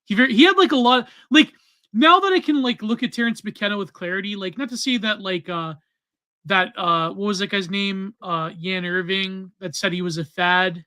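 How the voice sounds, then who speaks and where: A man's voice: high voice, moderate pace, bright, forceful tone, clean tone. A man co-hosting a podcast in casual chat, rambling with many fillers and trailing off. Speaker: podcast co-host.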